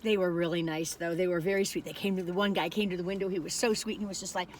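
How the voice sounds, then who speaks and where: A woman's voice: on the low side, fairly even intonation, rapid-fire, slight background noise. A woman in her sixties rambles chattily through a food review, talking straight to her viewers from inside a parked car on a phone camera. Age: 60s.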